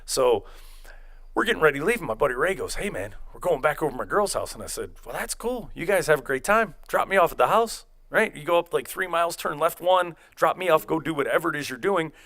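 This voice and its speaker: A man's voice: a little high, quick pace. A young man casually telling a long, profane story on a podcast, acting out quotes as he rambles. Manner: rambling, profane, animated retelling with acted-out quotes.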